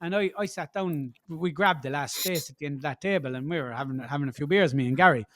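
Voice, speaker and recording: A man's voice: on the high side, quick pace, fairly bright tone, no room sound, studio quality. A man with an Irish accent, co-hosting a casual podcast chat and telling a story with laughs and restarts. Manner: storytelling, laughs while telling, repeats words. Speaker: podcast co-host.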